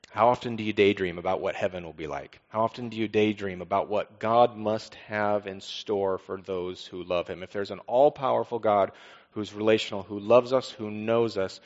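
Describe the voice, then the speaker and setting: Low-voiced pastor preaching in a hall. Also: male voice, steady tone, normal speed, muffled recording. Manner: conversational preaching with rhetorical questions and repeated refrains. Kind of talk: sermon.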